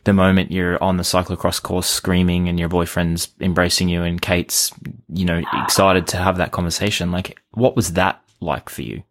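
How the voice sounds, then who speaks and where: A man's voice: low voice, level tone, normal speed. A man hosting a casual interview, encouraging, asking hesitant questions. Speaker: podcast host.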